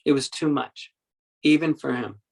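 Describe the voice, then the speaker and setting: Male meditation teacher at a dharma talk, mid-pitched, halting storyteller who repeats words for emphasis. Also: steady tone, creaky, darkish tone, poor audio. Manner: acts out quoted speech in the story.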